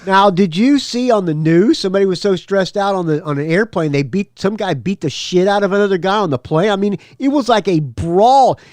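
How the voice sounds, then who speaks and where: A man's voice: sits high, a little fast, few pauses, darkish tone, no echo. A man hosting a casual podcast, rambling and profane, laughing between his asides. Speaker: podcast host. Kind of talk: casual solo podcast chat.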